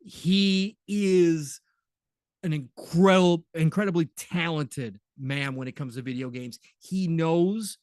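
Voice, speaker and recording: An enthusiastic man co-hosts a casual gaming podcast, and his voice sits a touch higher than most men's. The sound is dry and close, with no room around him. He chimes in with quick agreement and talks over his partner. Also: darkish tone, no room sound. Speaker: podcast co-host.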